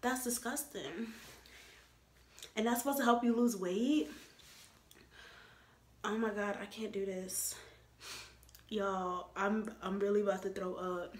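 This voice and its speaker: A young woman vlogging casually to the camera, chatty and expressive, with big dramatic reactions. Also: mid-range voice, unhurried, long pauses. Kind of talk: casual vlog talk to camera. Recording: echoey room.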